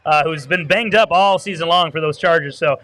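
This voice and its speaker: Bright, high-voiced laughing man. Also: a little fast. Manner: upbeat, laughing often. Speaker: panelist picking football games. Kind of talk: casual sports banter. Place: outdoors at a parade.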